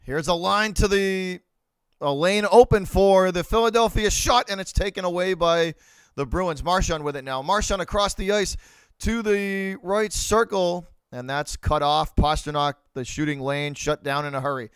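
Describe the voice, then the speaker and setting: A man with a light Boston accent calls a hockey game live, play by play, for a fan stream. His voice sits a bit high and comes through smooth, clean and dry up close. He chats with his viewers between plays and roots openly for his side. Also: moderate pace, dry recording. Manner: chatty, rooting for Boston, talks to chat viewers. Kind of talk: live play-by-play commentary to chat.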